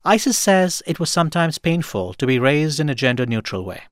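A man hosting a radio feature, narrating a guest's story in a measured way and asking her questions. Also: on the high side, very animated, no room sound, clean studio sound. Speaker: radio show host and interviewer. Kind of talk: scripted narration with interview questions.

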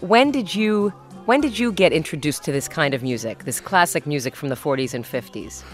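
A woman hosting a radio interview, introducing her guest and asking lively questions. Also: low voice, a little fast, faint music behind. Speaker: radio host.

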